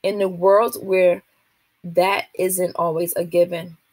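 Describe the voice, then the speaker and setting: A woman reading aloud, voicing a gentle, loving mother with a soft, creamy voice. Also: lowish voice, little pitch movement, slow pace, no echo. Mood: soothing.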